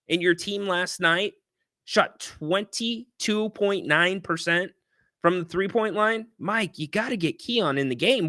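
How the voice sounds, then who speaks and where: A man's voice: sits high, pushed and bright, no room sound, clean studio sound. A man hosting a casual sports talk livestream, chatting animatedly and reading viewer comments aloud. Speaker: sports talk show host.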